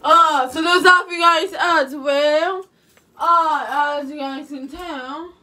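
A woman's voice: high voice, slow pace, bright, forceful tone, far from the mic. A young woman vlogging casually from her bedroom, rambling and repeating "you guys" over and over. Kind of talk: casual chat to camera.

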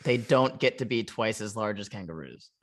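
A man's voice: fairly low pitch, expressive, normal speed, fairly bright tone. A man, a comedian guest on a podcast, telling jokes and stories in a casual, wry way. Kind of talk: casual interview chat, comic storytelling.

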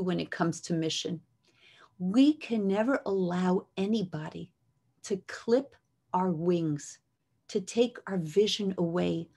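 A woman's voice: mid-range voice, dark tone, breathy edge. A woman giving an inspirational religious talk, retelling a scripture story with passion and sprinkling in Hebrew terms. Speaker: speaker, rebbetzin.

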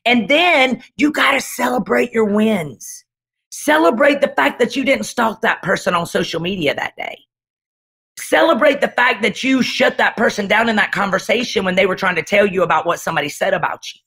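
A woman's voice: mid-range voice, lively intonation, moderate pace, vocal fry, fairly bright tone, breathy edge. A middle-aged woman pastor giving a dramatic, emphatic testimony in conversation, driving her points home with repeated refrains. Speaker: pastor and guest speaker.

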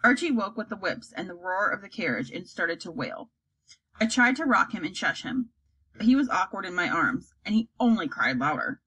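Female storybook reader, animated and slightly husky, does the character voices herself. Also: medium pitch, normal speed, low-quality recording. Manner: acts out characters, lively delivery. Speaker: audiobook reader.

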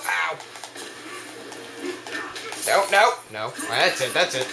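A young man commentating his own gameplay, swearing and yelling at the opponent. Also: fairly high pitch, expressive, slow, creaky, echoey room, over music. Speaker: let's play gamer.

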